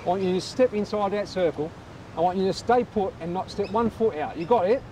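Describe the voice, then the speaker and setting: A man playing a fed-up male police officer who rants gruffly. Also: sits high, brisk, darkish tone, slight background noise, lightly acted. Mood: exasperated.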